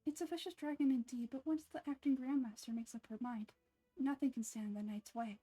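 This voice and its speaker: A woman's voice: high voice, steady tone, fairly quick, dark tone, faint music behind. A woman voicing a formal, firm young church sister in a game dub. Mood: firm polite.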